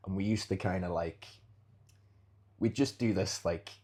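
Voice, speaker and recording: A man's voice: low voice, a little slow, darkish tone, breathy edge. A man, a jiu-jitsu fighter, chatting as a podcast guest and animatedly acting out street scenarios. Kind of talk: casual interview chat.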